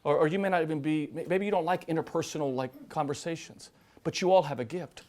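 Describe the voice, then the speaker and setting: Priest telling stories to a hall. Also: male voice, a little high, quick pace. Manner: storytelling with acted quotes, swinging from loud to hushed. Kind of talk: sermon.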